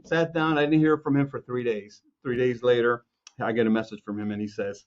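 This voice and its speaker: Animated storytelling man, dull lo-fi sound. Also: mid-range voice, fairly quick. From Chicago, USA. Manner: lively, acts out quotes, frequent restarts and laughs. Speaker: music producer and film composer, guest.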